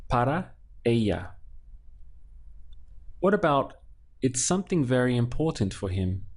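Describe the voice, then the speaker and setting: A man's voice: medium pitch, sing-song, a little slow, a little mellow. A man teaching a language lesson, patiently splitting words into syllables and repeating them. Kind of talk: slow, clear language lesson.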